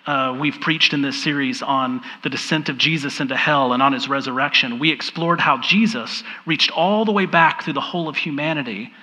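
A man preaching a sermon as pastor, measured and slowing down for emphasis, then reading scripture aloud. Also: medium pitch, pushed and bright, long reverb tail.

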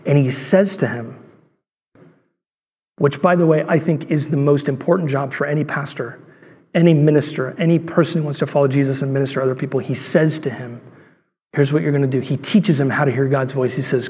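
A man's voice: medium pitch, fairly even intonation, brisk, a little mellow, slightly rough. A man in his thirties preaching a sermon as a pastor, telling a story and acting out the voices in it. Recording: long hall reverb.

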